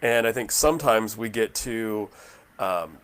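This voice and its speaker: A man's voice: fairly low pitch, expressive, unhurried, a bit bright. A man co-hosting a casual book discussion, talking in a folksy, self-deprecating way and telling stories. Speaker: podcast co-host.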